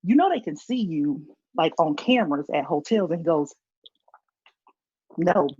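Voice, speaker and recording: Stand-up woman, husky, animated storyteller, muffled lo-fi sound. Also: deep voice, brisk, no room sound. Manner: animated, acts out characters in her stories. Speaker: stand-up comic. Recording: dull lo-fi stream audio.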